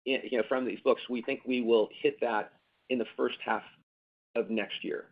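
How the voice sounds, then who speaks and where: Brief: male exec, very gravelly and husky, repetitive and filler-heavy, tinny phone line. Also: medium pitch. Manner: rambling, many fillers and restarts, emphatic repetition. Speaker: company executive answering analysts. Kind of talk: earnings call answers.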